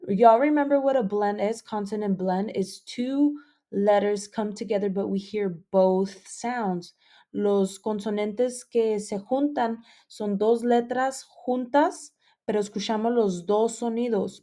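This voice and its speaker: Slow, mellow bilingual phonics teacher. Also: female voice, mid-range voice. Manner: slow, drawn-out sounding out of letters and rules; switches between English and Spanish.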